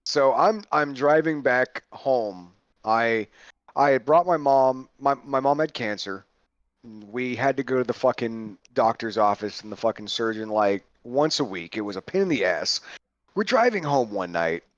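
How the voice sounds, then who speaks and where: A man's voice: medium pitch, a little slow, dry recording. A man hosting a podcast, telling a story in a casual way, swearing a lot and stumbling over his words, on dull lo-fi audio. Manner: animated, profane, full of restarts. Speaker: podcast host.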